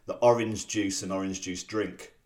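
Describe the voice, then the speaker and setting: A man's voice: low-pitched, fairly even intonation, moderate pace, darkish tone. A man co-hosting a podcast in casual chat, playful and rambling, teasing his co-host. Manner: playful, rambling, often restarts and teases.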